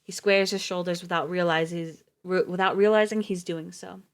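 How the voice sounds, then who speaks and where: A woman reading a novel aloud on a live stream, steady with the odd slip and restart. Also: lowish voice, moderate pace.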